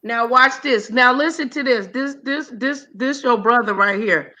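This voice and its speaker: Bright, slow-talking woman host. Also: on the high side. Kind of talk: casual chat on a video call. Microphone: video call.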